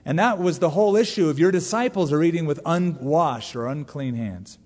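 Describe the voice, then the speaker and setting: A man in his forties preaching a sermon to a congregation, joking and animated, leaning hard into emphasis. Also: a little high. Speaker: pastor. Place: large church sanctuary. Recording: long reverb of a large church hall.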